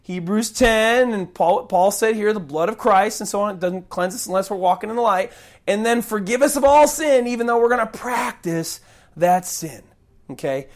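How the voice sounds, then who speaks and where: A man's voice: sits high, normal speed. A man preaching a sermon with an impassioned, conversational delivery and folksy asides, sometimes acting out prayers and other voices.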